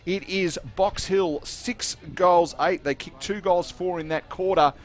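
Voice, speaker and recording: A man calling a football match on local radio, chatty and jokey, sending greetings to listeners between quick calls of play. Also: high voice, fairly even intonation. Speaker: play-by-play commentator. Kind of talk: radio sports commentary.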